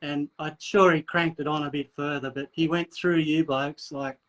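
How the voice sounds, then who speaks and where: A man's voice: on the high side, steady tone, moderate pace, a bit bright. A man joining a casual online chat, telling a riding story in an easygoing, laconic way. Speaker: caller. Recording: lo-fi video call audio.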